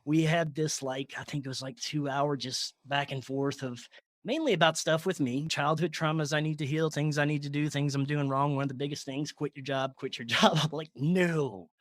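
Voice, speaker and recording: A man guest on a podcast, telling a personal story in a casual, animated way, laughing often and filling with "like". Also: fairly high pitch, fairly quick, dry recording, studio quality.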